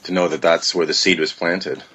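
A man hosting a podcast, chatting casually with quick asides to his guest. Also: deep voice, fairly even intonation, bright, forceful tone, breathy edge. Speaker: podcast host. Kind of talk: casual chat.

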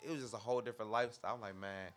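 A man on a casual podcast telling lively stories full of slang, acting out what people said. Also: medium pitch, very fast. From Cleveland area. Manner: animated storytelling, acts out quotes in slang. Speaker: podcast guest. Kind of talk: casual chat.

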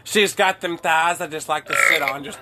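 A young man in casual chat with friends at home, loudly telling crude jokes and stories. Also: on the high side, normal speed. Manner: loud, crude joking storyteller. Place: at home with neighbors, drinking. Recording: noisy casual home recording.

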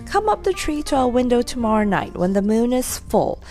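A woman's voice: fairly high pitch, sing-song, normal speed, warm tone, faint music behind, voice pushed up. A woman voicing a male sailor doll who talks firmly and cautiously.

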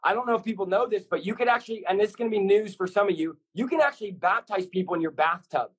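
A man's voice: high-pitched, fast talker, husky, low-quality recording. A man in his thirties, a pastor telling his story as a guest, passionate and rambling in a preacherly way. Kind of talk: fast energetic testimony sharing.

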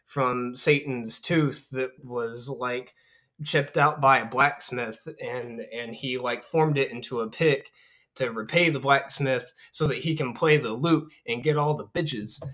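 A man casually retelling a film's plot on a podcast, rambling with many fillers and quick character voices. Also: medium pitch, fairly bright tone. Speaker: podcast host. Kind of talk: casual movie recap.

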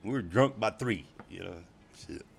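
Middle-aged guy, low voice, very animated, cussing storyteller. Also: moderate pace, vocal fry, breathy edge. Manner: profane, rambling, laughs often. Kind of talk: casual spoken storytelling.

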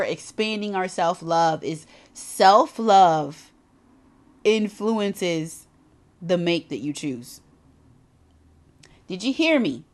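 A woman giving a motivational talk on self-love, emphatic and conversational, with casual asides and repetition for emphasis. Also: medium pitch. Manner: emphatic, conversational, drops into animated character voices for retold quotes. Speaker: self-help speaker.

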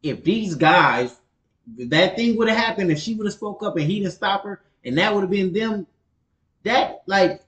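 A man's voice: high-pitched, animated, normal speed, a bit bright. A man chatting casually as a podcast co-host, laid-back and slangy, often chiming in with short agreement. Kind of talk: casual chat. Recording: dull, roomy sound.

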